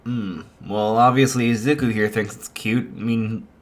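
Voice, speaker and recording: A man's voice: lowish voice, steady tone, moderate pace, close to an everyday voice. A man voicing a brash, sarcastic young classmate in a fan story. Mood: teasing. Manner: sarcastic, teasing.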